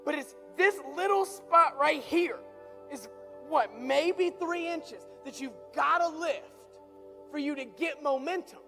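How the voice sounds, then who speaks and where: A young man preaching through an animated personal story, building from quiet asides to excited shouts. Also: extremely high pitch, takes it slowly, creaky, faint music behind. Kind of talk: storytelling sermon.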